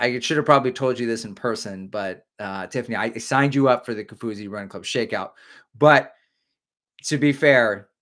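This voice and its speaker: A man's voice: mid-range voice, a bit bright. Joking middle-aged man on a live stream. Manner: joking, rambling, reads viewer comments aloud. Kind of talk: casual live-stream chat.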